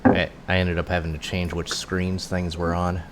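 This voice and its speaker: A man's voice: low voice, monotone, normal speed, heavy background noise. A man as game master, chatting casually and laughing easily while running a tabletop session from home. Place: home room.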